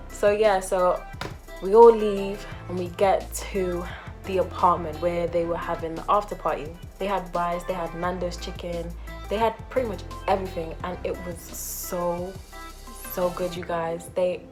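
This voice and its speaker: A young woman telling a storytime vlog, animated and acting out quotes in different voices. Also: mid-range voice, moderate pace, faint music behind. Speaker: vlogger.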